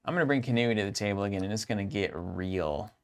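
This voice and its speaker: A man's voice: lowish voice, fast talker, smooth. A young adult man co-hosting a livestream, joking around and greeting chat viewers as he chats casually. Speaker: stream co-host.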